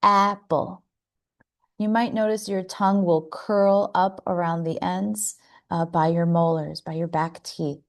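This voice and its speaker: An American woman gives a pronunciation lesson in a measured, unhurried way. Her voice sits slightly low for a woman, and she slows down further to demonstrate each vowel with care. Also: fairly even intonation, mellow. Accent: General American. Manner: slow, careful, demonstrating sounds. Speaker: English pronunciation teacher. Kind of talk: scripted instructional lesson.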